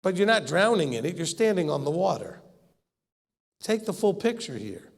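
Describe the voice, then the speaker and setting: A man's voice: high voice, sing-song, normal speed, creaky. A man teaching scripture in a conversational way, acting out the quoted lines and often laughing. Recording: long hall reverb.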